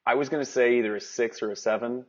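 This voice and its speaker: A man's voice: mid-range voice, fairly even intonation, quick pace. A man co-hosting a casual movie review podcast, rambling, restarting his sentences and laughing often. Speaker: podcast co-host. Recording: dull lo-fi podcast audio.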